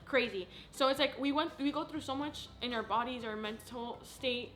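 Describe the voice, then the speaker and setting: A young woman, a new mother, chatting casually and emotionally in a vlog, effusive and quick to laugh. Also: on the high side, fairly bright tone, faint music behind. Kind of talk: casual chat.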